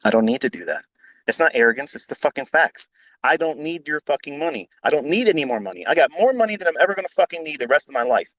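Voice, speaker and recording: A man's voice: a little high, animated, quick pace, fairly bright tone, no room sound. Blunt, profane male trading mentor. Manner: blunt, profane, combative, repeats himself for emphasis. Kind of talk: live audio-room monologue.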